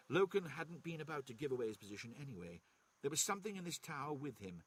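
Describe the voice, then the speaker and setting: Norwegian man, second-language reader, steady narration, husky. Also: fairly high pitch, quick pace. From Norway. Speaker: streamer reading aloud. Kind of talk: reading a novel aloud.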